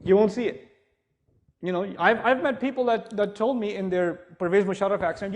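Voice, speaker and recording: A middle-aged Islamic speaker with a high voice talks a little fast while giving a religious lecture to a live audience, staying conversational and joking before rising into emphatic passages.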